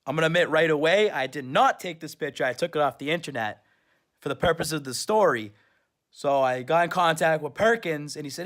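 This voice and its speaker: Guy w a pretty high voice rambling thru a fan trip story, animated. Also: fairly quick. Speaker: superfan vlogger. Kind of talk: casual storytelling recap.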